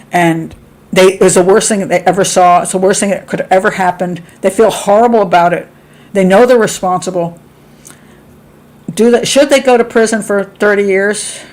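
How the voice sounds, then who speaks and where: A middle-aged woman hosting a live stream, chatting and reading out viewer comments. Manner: chatty, reads viewer comments, laughs often; acts out quotes with sharp jumps in pitch. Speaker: host.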